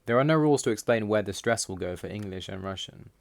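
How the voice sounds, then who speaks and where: A man giving a scripted voice-over explanation, reading out word lists slowly and in a measured way. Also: lowish voice, animated, vocal fry, no room sound, clean studio sound. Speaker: language learner explaining Russian.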